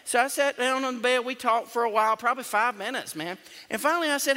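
A man's voice: very high-pitched, fast, sharp tone. A male pastor, preaching a sermon in a conversational, joking and emphatic way. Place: church sanctuary. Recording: long church hall reverb.

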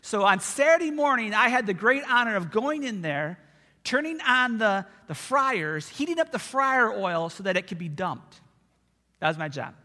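A man's voice: high-pitched, normal speed. A man preaching a sermon to his church, telling stories from his own life in a loose, chatty way. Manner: conversational storytelling, animated and expressive. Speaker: pastor. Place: church sanctuary. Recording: long church hall reverb.

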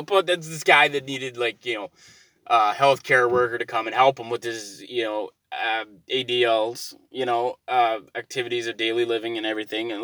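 A man's voice: medium pitch, no room sound. A man casually telling a rambling story, swearing freely and growing exasperated. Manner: rambling, profane, gets loud and exasperated.

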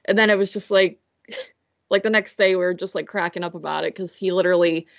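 A woman's voice: lowish voice, steady tone, fairly quick, vocal fry, muffled recording. A woman co-hosting a podcast, telling a long story in casual chat and filling it with "like". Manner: rambling storyteller, heavy filler "like", mimics voices. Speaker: podcast co-host.

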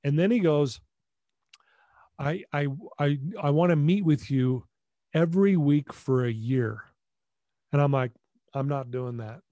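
Slightly high-voiced and speaking at a measured pace, a middle-aged man shares a personal story as a podcast guest, with no room sound in the recording. He acts out the dialogue in a lively way, often repeating words and starting over.

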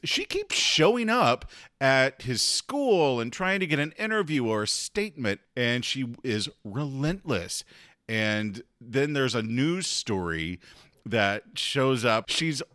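Podcast co-host, a man with an animated, bright voice recapping a book. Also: mid-range voice, slow pace, no room sound, clean studio sound. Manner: lively, chuckling, jumps in with plot details. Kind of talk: casual book discussion.

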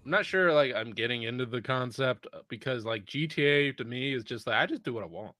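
A man co-hosting a casual live podcast, telling stories with lots of swearing and loud mimicked voices. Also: medium pitch, a little fast, dry recording. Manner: profane, animated storytelling with loud put-on voices. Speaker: podcast co-host. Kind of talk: casual chat.

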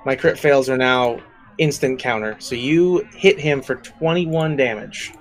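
A man narrating as game master in a tabletop game, relaxed and laughing, thinking aloud with fillers as he goes. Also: medium pitch, measured pace, soft background music, poor audio.

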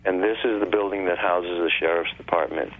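A man's voice: deep voice, fairly even intonation, fairly quick. A man talking on a radio show, explaining at length in an insistent way over a phone line. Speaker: guest. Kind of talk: radio call-in talk.

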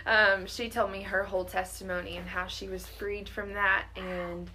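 A woman's voice: medium pitch, little pitch movement, normal speed, sharp tone, a little hiss or hum. A college-aged woman earnestly telling a personal faith story in casual chat, often quoting her own thoughts. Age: around 20. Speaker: guest sharing testimony.

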